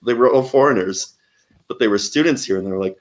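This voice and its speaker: A man's voice: mid-range voice, fast. Young comedian guy telling a story, laughs a lot, normal mid voice. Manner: laughs often, tells anecdotes with quoted voices. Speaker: guest, comedian and teacher. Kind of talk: casual conversational storytelling.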